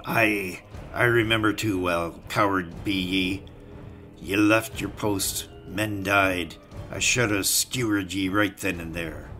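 A man's voice: low-pitched, steady tone, measured pace, fairly bright tone, faint music behind. A man voicing a blunt, loyal soldier bodyguard with a growling manner. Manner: blunt, growling dialect speech.

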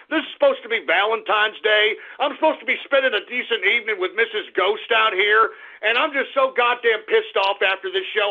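A man hosting a radio show, angry and swearing, often breaking into shouts. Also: extremely high pitch, creaky. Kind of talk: profane ranting radio talk. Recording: dull lo-fi radio recording.

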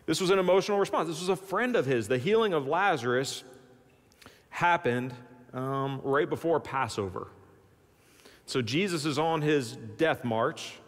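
Male pastor, high voice, storytelling sermon with dramatic loud-to-soft swings, echoey church sanctuary. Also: normal speed.

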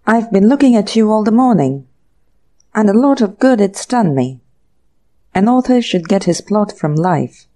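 A woman voicing an irritable young male author who mutters to himself in brisk, exasperated bursts. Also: medium pitch, lively intonation, warm tone, lightly acted. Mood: bewildered, exasperated.

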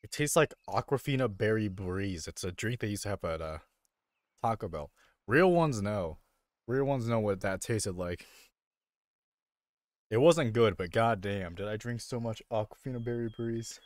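A man's voice: lowish voice, lively intonation, normal speed, no echo, clean studio sound. A young man casually commenting on his own video game stream, rambling and poking fun at himself as he thinks aloud into a desk microphone. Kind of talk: casual live gameplay commentary.

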